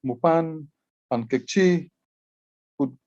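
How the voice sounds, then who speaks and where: A man's voice: fairly high pitch, slow pace, darkish tone, no echo, muffled recording. A man from Belize, giving an explanatory conference talk as a Maya writing educator, often repeating words as he starts a phrase. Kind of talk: conference presentation.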